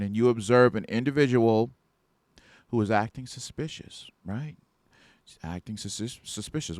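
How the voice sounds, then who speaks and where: A man's voice: lowish voice, no room sound. A man hosting an instructional podcast about security guard duties, talking conversationally and often checking in with "right?". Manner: conversational, keeps asking "right?". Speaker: podcast host and security trainer.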